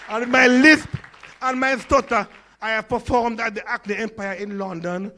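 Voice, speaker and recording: A Jamaican man in his sixties gives a humorous keynote with a slight stutter and lisp. He tells stories and puts questions to the crowd in a notably high voice. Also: fairly even intonation, normal speed, pushed and bright. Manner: storytelling, engages audience with questions. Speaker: conference speaker.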